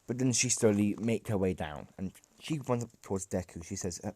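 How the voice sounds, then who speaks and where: A man's voice: fairly low pitch, a little fast, darkish tone. A man improvising a fan-fiction story in a rambling way, correcting himself and chatting to listeners.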